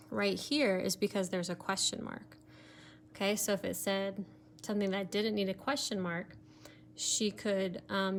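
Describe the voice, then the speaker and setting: A woman's voice: mid-range voice, vocal fry, slight background noise. A woman teacher giving a recorded remote lesson, explaining step by step with many fillers, sometimes turned away from her computer mic.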